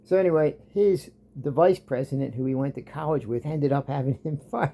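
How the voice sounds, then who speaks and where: A man's voice: mid-range voice, a little fast, creaky, hardly any pauses, mellow. A man vlogging a rambling, sarcastic rant about an old job, often trailing off.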